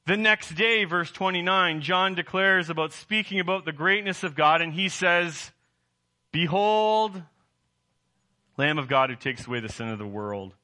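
A middle-aged man from the Southern United States delivers a sermon as pastor. His voice is very bright and a little high, and he keeps putting questions to the congregation. His delivery rises and falls with animation.

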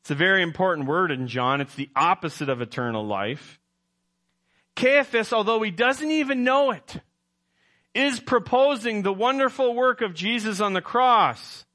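A man's voice: sits high, animated, moderate pace, sharp tone. A man preaching a sermon as pastor, emphatic, quizzing his congregation and correcting himself as he goes.

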